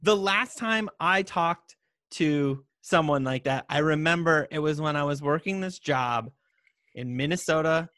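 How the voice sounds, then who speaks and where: Young male co-host, bright and a touch high, rambling and laughing, crude casual talk, dry close mic. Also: a little slow, no echo. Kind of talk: casual chat.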